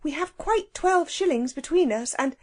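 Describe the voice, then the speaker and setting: A woman reading a children's storybook, voicing an earnest, gentle girl who speaks soothingly. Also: high-pitched, expressive, moderate pace, pitched above the performer's own voice. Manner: soothing, pleading.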